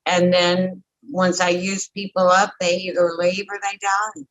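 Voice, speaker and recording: A woman's voice: fairly low pitch, completely flat delivery, measured pace, a bit bright, dull audio. A woman, candidly telling her recovery story as an interview guest, blunt and emotional with frequent tangents.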